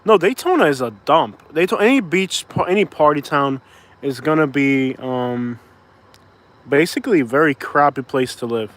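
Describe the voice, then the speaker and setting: A man's voice: fairly high pitch, animated, normal speed, a bit bright. A young man from Florida rambling casually with constant "like"s, vlogging outdoors into a phone on a stabilizer. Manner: rambling, heavy use of "like", restarts. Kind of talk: casual walk-and-talk vlog. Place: outdoors on a street. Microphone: phone on a handheld stabilizer.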